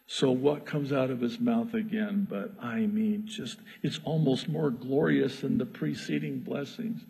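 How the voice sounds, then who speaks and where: A man preaching a sermon, telling a story in a lively, joking way with asides. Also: mid-range voice, normal speed, gravelly, breathy edge. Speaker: pastor. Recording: long hall reverb.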